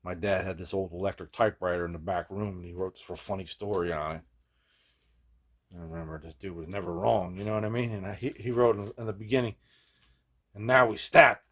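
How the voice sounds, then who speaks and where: Hosting a guitar repair video, a man with a deep, slightly mellow voice talks quickly with fairly even intonation. It's casual hands-on workshop chat, rambling and profane, full of fillers like "man" and "you know what I mean," and he laughs at his own jokes.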